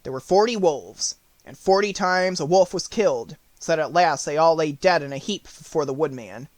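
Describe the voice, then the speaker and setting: Guy reading an audiobook, dry close mic, plain steady narration. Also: a little high, normal speed, no room sound. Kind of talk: storybook narration.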